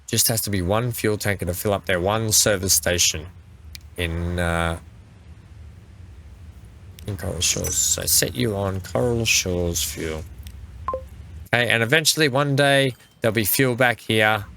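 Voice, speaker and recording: A gaming channel host with a lowish, gravelly, sharp-toned voice does let's play commentary, chatting casually and talking to the vehicles on screen.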